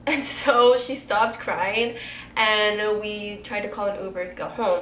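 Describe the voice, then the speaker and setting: A woman in her twenties chatting casually to camera, telling a storytime tale, animated and full of "like.". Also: mid-range voice, moderate pace, recorded from a distance. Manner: chatty, animated, heavy use of "like". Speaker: beauty vlogger telling a story. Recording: echoey room, faint background hiss.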